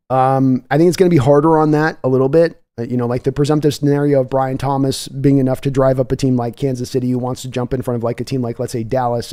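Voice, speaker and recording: A man hosting a live-streamed draft show, talking in a chatty, excitable way and reading viewer donations aloud. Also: medium pitch. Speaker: livestream draft host.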